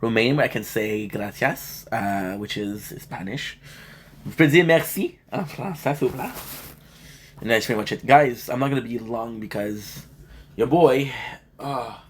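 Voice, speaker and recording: A man's voice: medium pitch, a little slow, a little hiss or hum. Tired, joking male gaming streamer. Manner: laid-back, joking banter with chat. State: tired and feeling a bit sick. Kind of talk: casual live-stream chat and game commentary.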